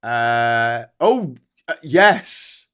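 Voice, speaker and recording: A man hosting a late-night live stream in a casual chatting style. His medium-pitched voice jumps from relaxed talk to loud, excited bursts when he hypes up the audience. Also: very slow, clean tone. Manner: energetic, loud bursts when hyping super chats. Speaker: livestream host.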